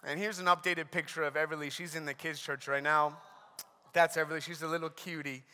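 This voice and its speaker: Animated man preaching in a reverberant hall. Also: fairly high pitch, fairly quick. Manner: storytelling, animated, self-deprecating humor. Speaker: pastor. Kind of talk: sermon.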